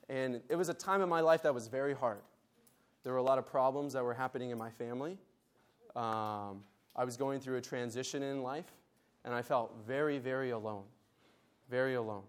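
A man speaking at a conference meeting, giving a Bible lesson and leading the audience in call and response. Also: medium pitch. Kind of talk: Bible lesson with group exercise.

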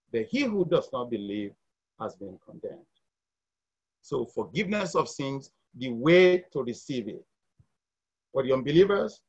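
A middle-aged man from Nigeria giving an earnest church testimony, hesitant, with fillers and restarts, rising loud and dropping soft. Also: fairly high pitch, lo-fi sound. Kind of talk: testimony sharing at a church meeting.

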